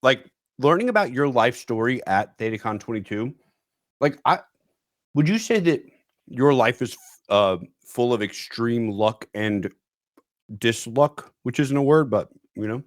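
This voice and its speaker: A man's voice: mid-range voice, animated, unhurried, dry recording, studio quality. A man as a podcast guest, laid-back and laughing often in casual chat.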